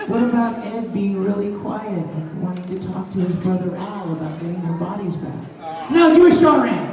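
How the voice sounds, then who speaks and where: A man on a live convention Q&A panel, teasing and coaching a fan in a playful way, recorded on a phone from the audience. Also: high voice. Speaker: voice actor answering fan questions on a convention panel. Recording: distant phone recording in an echoey hall with crowd noise.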